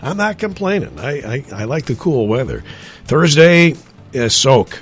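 A man's voice: medium pitch, very animated, unhurried, slightly rough. A man hosting a radio show, reading the weather and chatting in a rambling, jokey way. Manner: rambling, jokey, self-interrupting. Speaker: radio morning show host. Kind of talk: casual radio banter and weather.

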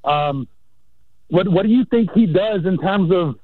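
Breathless caller on a tinny phone line. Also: male voice, high-pitched, expressive, measured pace, no room sound. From South Mississippi, US Gulf Coast. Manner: rambling, lots of fillers. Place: outdoors on a golf course. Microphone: phone call.

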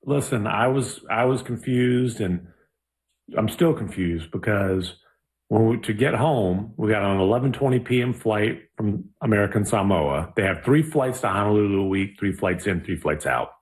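A relaxed male podcast co-host with a fairly low voice. He laughs easily and explains things in a friendly, unhurried way. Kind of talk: casual podcast chat.

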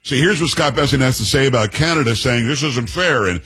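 A chatty man from the United States hosts a talk show, riffing on the news with sarcastic asides. His voice is husky and rough, with some breath in it. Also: medium pitch, a little fast, sharp tone, rough recording. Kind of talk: casual political commentary.

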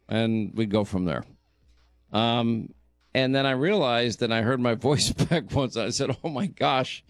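A man with a New York accent hosting live talk radio, teasing his co-worker and interrupting her in quick on-air banter. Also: mid-range voice, smooth, dry recording, studio quality. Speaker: radio talk show host. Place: radio studio. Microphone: studio microphone.

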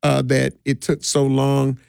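A man's voice: medium pitch, monotone, unhurried, creaky, darkish tone, clear, resonant tone, no room sound, studio quality. A middle-aged man from Milwaukee, a DJ who organizes community parties, telling stories in an easygoing way, with laughs and many restarts. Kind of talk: casual interview storytelling.

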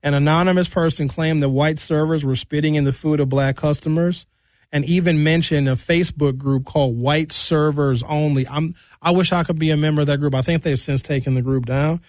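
A man with a fairly high voice rants in a mocking, opinionated monologue. The sound is dry and close, with no room around it. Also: steady tone, brisk, a little mellow, no room sound. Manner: ranting, mocking. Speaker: commentator.

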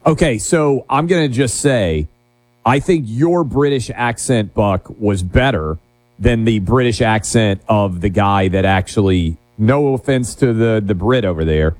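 A man hosting a talk radio show, chatting casually with quick restarts and asides. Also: on the low side, darkish tone, dry recording.

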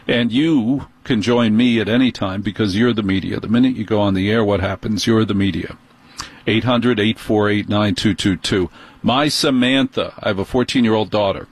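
A middle-aged man with a New York accent hosting a talk radio show, telling an animated, indignant story. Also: on the low side, breathy edge, dry recording.

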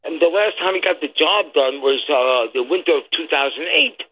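Excitable male caller on a tinny phone line. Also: fairly high pitch, moderate pace, breathy edge. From Brooklyn, New York. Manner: excitable, talks over the host. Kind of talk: call-in sports talk. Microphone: telephone.

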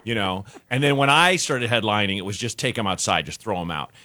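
Bright voiced comedian guy telling a story, bouncy pitch, dry studio mic. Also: a little fast, dry recording. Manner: animated, acts out voices in anecdotes. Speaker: comedian guest. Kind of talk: storytelling on a radio show. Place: radio studio.

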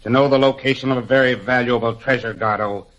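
A man's voice: mid-range voice, steady tone, a bit bright, highs cut off, close to an everyday voice. A man playing a cold menacing master criminal. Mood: commanding. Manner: measured, formal, threatening. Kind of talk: 1940s radio drama acting.

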